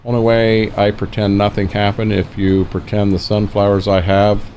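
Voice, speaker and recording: Laid-back older man, low voice. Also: completely flat delivery, moderate pace, a little mellow, a little hiss or hum. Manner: laid-back, folksy, chatting to viewers. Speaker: gameplay streamer and real farmer. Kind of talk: casual gameplay commentary.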